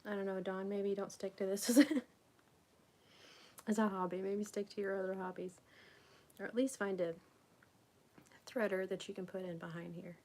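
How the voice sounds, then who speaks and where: A woman's voice: medium pitch, little pitch movement, normal speed, pauses often, dark tone, a little hiss or hum. A woman, chatting casually and rambling on a live craft stream, often dropping to a whisper. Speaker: crafting vlogger.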